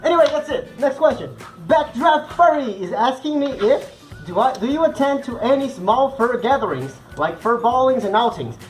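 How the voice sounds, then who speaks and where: Young guy, portuguese-speaking accent, bubbly and chatty answering fan questions, soft music in the background. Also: extremely high pitch, big pitch swings, normal speed, low-quality recording. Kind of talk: casual chat.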